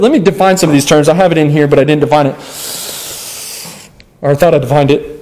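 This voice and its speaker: A young adult man preaching a sermon as pastor, telling animated stories with humorous asides and acting out his own past rants. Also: fairly high pitch, fast, long pauses.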